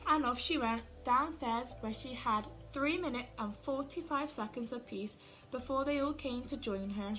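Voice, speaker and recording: Bright high-voiced woman reading a bedtime story. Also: moderate pace, soft background music, low-quality recording. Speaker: nursery storyteller.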